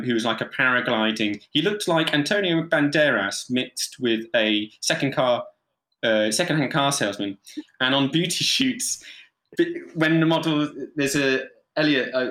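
A man, a photographer, telling anecdotes casually with plenty of fillers and acted-out voices. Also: medium pitch. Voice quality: animated, lots of fillers and mimicry. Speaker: photographer, podcast guest. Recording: roomy echo.

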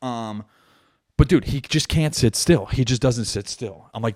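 A young man, a stand-up comedian hosting his own podcast, chats casually and rambles in a solo episode from a home room, animated, swearing a lot and using many filler words. His mid-range voice comes at a measured pace, in a dry, studio-quality recording.

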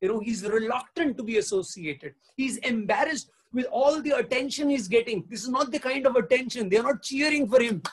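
A pastor delivers a sermon in a fairly high, husky voice. He keeps turning to his listeners with questions and slips in Hindi phrases along the way. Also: animated, brisk, hardly any pauses, rough recording. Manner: engaging, asks the congregation questions.

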